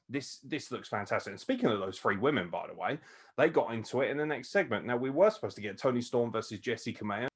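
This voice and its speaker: A man hosting a casual wrestling review podcast with plenty of enthusiasm. He swears freely, laughs often and talks at a middling pitch. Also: lively intonation, brisk, slightly rough. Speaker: podcast host.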